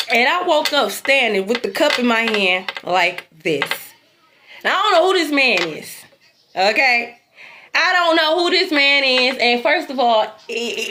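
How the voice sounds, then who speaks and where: A young adult woman telling a story casually to her viewers, animated and slangy, swearing freely and calling them y'all. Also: high-pitched, background noise. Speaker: intuitive tarot reader.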